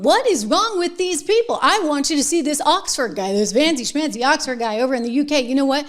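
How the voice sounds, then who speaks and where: A middle-aged woman hosting her own political commentary show, talking in an indignant, emphatic, sarcastic way that swings between hushed whispers and loud outbursts. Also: high voice, animated, a little fast, hardly any pauses.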